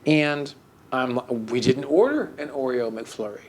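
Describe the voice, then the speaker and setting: A man's voice: mid-range voice, lively intonation, unhurried, a little hiss or hum. Rambling male podcast co-host. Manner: rambling, with many fillers and restarts; mock-melancholy storytelling. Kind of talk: casual chat.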